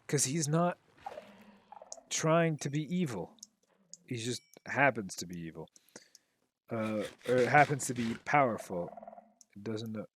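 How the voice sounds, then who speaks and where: A man's voice: mid-range voice, animated, measured pace, long pauses, husky, dry recording. A man recapping a film in loose, rambling chat, full of fillers and the odd swear, while he plays a game. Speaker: gaming commentator. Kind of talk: casual commentary while playing.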